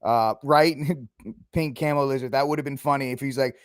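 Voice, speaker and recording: A man hosting a casual political podcast, opinionated and mocking, sometimes acting out quick impressions of politicians. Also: mid-range voice, steady tone, smooth, no echo, clean studio sound. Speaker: podcast host.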